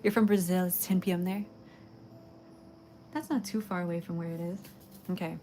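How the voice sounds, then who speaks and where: A woman's voice: lowish voice, fairly even intonation, normal speed, mellow, slight background noise. A young woman livestreaming while making pottery, chatting casually and giggling with her viewers. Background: faint game music.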